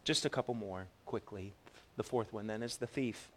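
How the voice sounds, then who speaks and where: A man preaching a sermon as pastor, telling a personal story with lively swings between loud and quiet delivery and frequent restarts. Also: on the low side, moderate pace, a little hiss or hum. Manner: repeats words when restarting.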